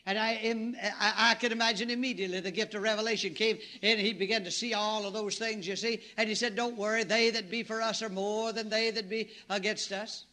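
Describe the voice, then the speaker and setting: A middle-aged man preaching a sermon, his voice pitched very high and ringing bright. He tells the story in an animated way and breaks into loud shouts and exclamations. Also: brisk, hardly any pauses.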